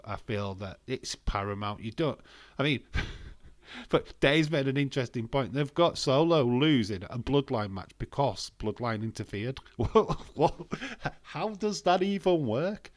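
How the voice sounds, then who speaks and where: A man hosting a live stream, chatting casually and reading viewer comments in an excitable, swearing, laughing manner. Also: on the low side, no room sound.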